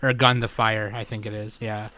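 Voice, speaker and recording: A man's voice: on the low side, flat delivery, normal speed, sharp tone, dry recording. A young man co-hosting a podcast in casual chat, laid-back and using casual slang. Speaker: podcast co-host.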